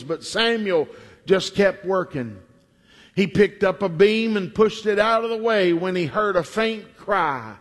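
A man preaching a sermon before communion, telling a story slowly and deliberately, with emphatic repetition. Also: sits high. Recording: long hall reverb.

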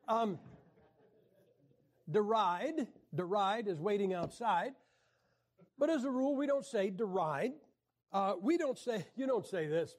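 A man teaching a Bible class in a folksy, joking way, often clearing his throat and restarting his sentences. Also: high-pitched, darkish tone. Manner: frequent throat clearing and restarts, jokey asides. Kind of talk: folksy teaching talk with jokes.

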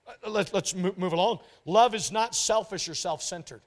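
High-voiced man preaching emphatically. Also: moderate pace. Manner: emphatic preaching, repeats phrases, mimics couples in quotes. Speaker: pastor. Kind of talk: sermon.

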